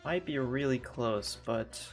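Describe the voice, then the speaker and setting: A man with a mid-pitched voice gives relaxed, wry live commentary on a speedrun. Faint game music plays under his voice. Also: slow. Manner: relaxed, wry, laughs often.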